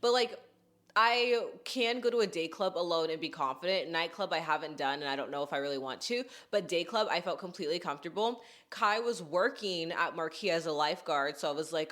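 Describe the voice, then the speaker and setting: A woman's voice: on the low side, brisk, fairly bright tone. A young woman from Texas hosting a podcast in casual chat, talking in a chatty way full of "like" and "you know what I mean.". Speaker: podcast host.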